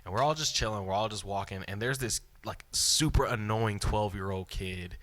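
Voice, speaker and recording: A podcast co-host tells a funny story in casual conversation, laughing often and acting out what people said in an animated way. He has a fairly low voice and speaks at a normal speed.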